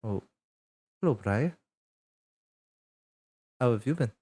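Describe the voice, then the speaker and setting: A man's voice: mid-range voice, expressive, slow pace, dark tone, slightly rough, no room sound, voice pushed up. Rosie, a chirpy woman adventurer, voiced by a man. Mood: warm. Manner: chirpy, gushing greetings. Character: cheerful woman adventurer, friendly and effusive.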